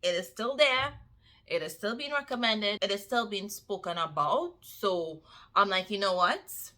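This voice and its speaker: A woman vlogger chats casually to her viewers at an unhurried, lingering pace. Her voice is bright and forceful, and she stresses points by repeating phrases. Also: mid-range voice. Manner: animated, repeats phrases for emphasis, addresses viewers as y'all. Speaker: book vlogger. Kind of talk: casual chat to camera.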